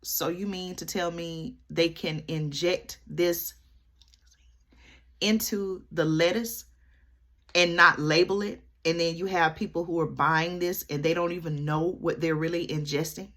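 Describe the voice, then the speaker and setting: A woman with a low-pitched voice talks straight to her viewers in a chatty commentary. She keeps checking in with them as she goes. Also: fairly even intonation, a little slow, fairly bright tone. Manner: chatty, keeps addressing viewers with "y'all" and "okay?". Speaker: vlogger. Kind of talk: commentary to camera.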